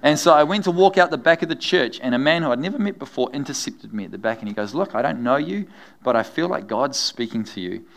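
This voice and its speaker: A middle-aged man, a pastor, talks fast at a medium pitch as he preaches. His sermon is full of animated, funny stories, and he laughs often.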